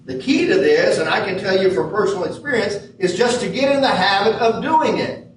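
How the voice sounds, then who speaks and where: A man preaching a sermon as pastor in a church sanctuary, measured and leaning hard on key words. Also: sits high, expressive, slight background noise. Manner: measured preaching with emphatic stresses. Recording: echoey hall from far off.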